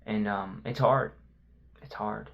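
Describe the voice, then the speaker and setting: Male vlogger sharing his struggles with faith in a candid, halting, reflective way. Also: on the low side, vocal fry, muffled recording. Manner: reflective, halting, lots of "you know" fillers.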